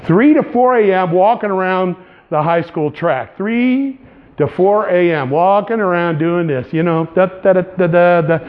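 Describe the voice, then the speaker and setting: A male pastor preaching in a playful, animated storytelling style, with little vocal sound effects. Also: high voice, a little slow, dull audio. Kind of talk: storytelling sermon.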